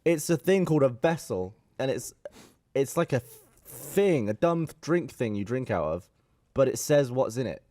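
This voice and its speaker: A man's voice: mid-range voice, very animated, moderate pace, dark tone, dry recording. A man with a British accent in casual podcast chat, rambling and exasperated. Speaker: podcast regular.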